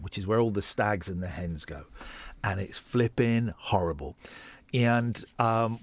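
A man's voice: mid-range voice, dry recording. A man hosting a radio breakfast show, bantering and telling jokey stories in a studio. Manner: playful, teasing, jokey storytelling. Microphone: studio microphone.

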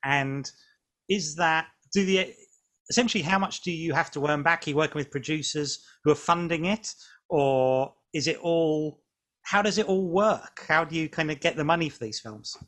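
A man's voice: a little high, moderate pace, a bit bright. A man interviewing a director, thinking aloud and restarting his questions as he goes.

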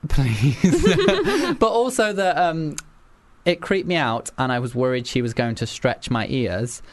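A woman hosts a relaxed podcast conversation. Her voice moves up and down with lively pitch, and she laughs easily while rambling and repeating her words. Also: unhurried. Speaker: podcast host. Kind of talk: casual chat.

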